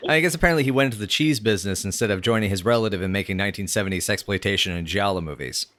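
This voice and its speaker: A man with a low voice co-hosts a casual podcast. He wanders through his points with many ums and restarts, and the sound is dry and close with no room echo. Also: very fast, fairly bright tone. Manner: rambling, with many fillers and restarts. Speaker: podcast co-host. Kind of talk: casual chat about a sitcom episode.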